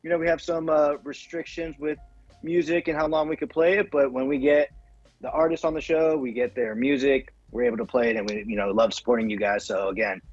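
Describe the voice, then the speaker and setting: A man's voice: medium pitch, steady tone, fairly quick, a little mellow, highs cut off, faint music behind. A man co-hosting a casual chat, talking hesitantly with many fillers and laughing often. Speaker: co-host.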